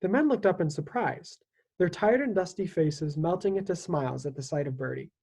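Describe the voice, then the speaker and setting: Expressive reader narrating a children's novel. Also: medium pitch, moderate pace, vocal fry, husky. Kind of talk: reading a children's novel aloud.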